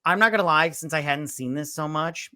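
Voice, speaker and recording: A man co-hosting a movie review podcast, retelling scenes in an animated way, jumping into character voices and swearing freely. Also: a little high, brisk, dry recording, clean studio sound. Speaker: podcast co-host. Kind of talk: casual movie review chat.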